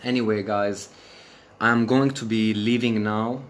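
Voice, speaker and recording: A man's voice: fairly low pitch, fairly even intonation, unhurried, a little hiss or hum. A man from Syria on a live stream, speaking with passion, swearing and repeating phrases for emphasis. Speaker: livestream host. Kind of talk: emotional live stream rant.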